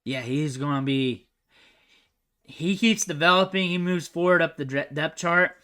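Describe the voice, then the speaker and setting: A young man giving casual, chatty commentary over football highlight film, thinking aloud and trailing off quietly at the ends of his sentences. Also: a little slow, smooth. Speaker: recruiting analyst host.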